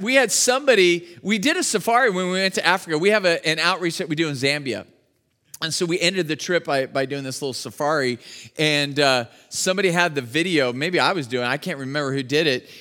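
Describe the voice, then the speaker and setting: A male pastor giving a casual, conversational sermon at a church service, telling stories with lots of fillers and restarts. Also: high-pitched. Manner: animated storytelling with many fillers and restarts.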